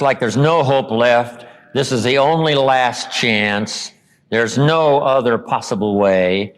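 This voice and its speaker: Animated older man giving a motivational talk. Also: medium pitch. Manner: animated, acts out quotes with dramatic pauses. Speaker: motivational speaker.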